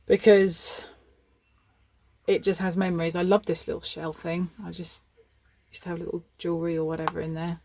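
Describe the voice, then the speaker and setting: A woman's voice: fairly low pitch, level tone, normal speed, darkish tone. A woman in her thirties chatting casually as she sorts through scrap, thinking aloud. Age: 30s. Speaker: scrapping vlogger. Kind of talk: casual commentary while sorting scrap.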